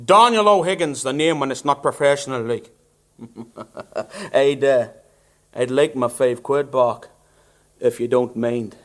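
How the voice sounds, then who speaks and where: A man's voice: mid-range voice, slow pace, pauses often, close to an everyday voice. A man with an Irish accent playing a swaggering con-man barber who poses as an Italian in a radio musical drama, with a mocking, wheedling drawl. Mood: menacing.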